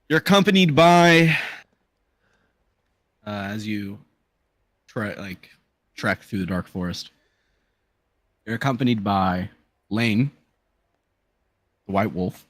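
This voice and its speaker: A man narrating a tabletop game as game master, casual and halting with fillers. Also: lowish voice, steady tone, dry recording.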